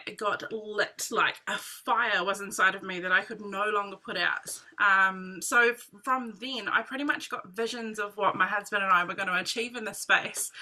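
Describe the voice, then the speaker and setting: Bright-voiced woman. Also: medium pitch. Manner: animated storytelling, full of "like" and "literally". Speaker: team member sharing testimony. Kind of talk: personal testimony to a group.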